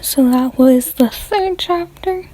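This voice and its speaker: A young woman reads fan fiction aloud in a casual way, giggling and stopping to comment and apologize. Her voice is high and slow with a mellow tone. The recording is dry and close. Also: rough recording.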